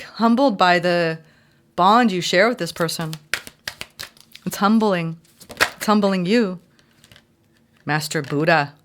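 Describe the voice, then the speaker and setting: A woman giving an intuitive tarot reading, heartfelt and effusive, sometimes reading card meanings aloud in a gentle, spiritual manner. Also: sits low. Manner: emotional and effusive. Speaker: tarot reader.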